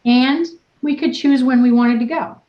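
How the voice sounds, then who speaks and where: A woman's voice: high voice, unhurried, echoey room, lo-fi sound. A woman wellness coach leading a group session, talking in an upbeat, playful, encouraging way.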